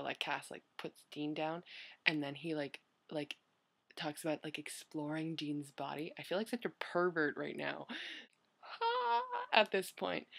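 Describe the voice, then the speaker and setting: Rambling young woman, lowish voice. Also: vocal fry, fairly bright tone, breathy edge. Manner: rambling, heavy use of "like" and "you know". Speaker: vlogger. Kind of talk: casual chat answering questions.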